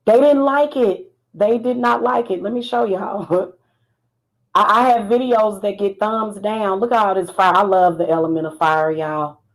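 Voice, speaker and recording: Animated, sassy woman vlogger. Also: medium pitch, measured pace, rough recording. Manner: animated, laughing, singing snatches of a chorus; sassy, defiant. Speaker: spiritual vlogger. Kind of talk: casual livestream chat.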